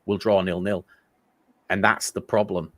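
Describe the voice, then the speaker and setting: A man with a low voice speaks a little slowly, with no room sound, as he co-hosts a casual football podcast. He tells rambling, animated stories and restarts often.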